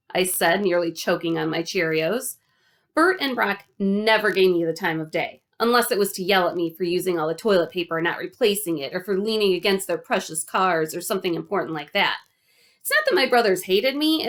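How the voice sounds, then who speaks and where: Animated woman reading a children's novel. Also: mid-range voice. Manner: animated, expressive. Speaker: audiobook reader.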